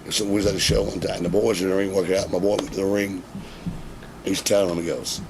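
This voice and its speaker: A middle-aged man, a wrestling veteran telling profane, animated stories in a casual interview. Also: fairly low pitch, fast, vocal fry. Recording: noisy background.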